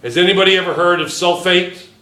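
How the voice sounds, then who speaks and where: A high-pitched, sharp-toned man talks fast as he teaches a chemistry class at the whiteboard. Thinking aloud, he corrects himself, starts over, and keeps asking the students "okay?" He is recorded from a distance in a room with a strong echo.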